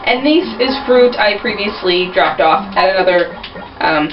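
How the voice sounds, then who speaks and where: A woman's voice: medium pitch, animated, moderate pace. A young woman chatting casually and rambling as she narrates a video game. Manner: chatty, rambling, self-deprecating. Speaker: gameplay narrator. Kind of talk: casual gameplay commentary. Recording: roomy, distant, dull, with game music.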